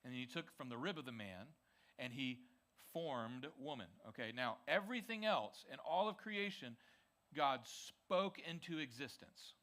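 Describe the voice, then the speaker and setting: A man giving a lively youth sermon in a church service, his voice bright and forward. He keeps it conversational and checks in with the room often. His pitch sits in a middle register. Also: a little slow. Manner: energetic, conversational, frequent "okay?" check-ins. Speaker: youth pastor.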